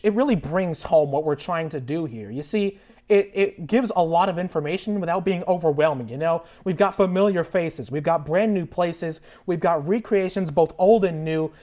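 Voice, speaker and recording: A man's voice: a little high, darkish tone. Young man in bombastic comic rants. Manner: bombastic, theatrical, indignant ranting. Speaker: guest enthusiast. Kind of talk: mock talk show comedy rant.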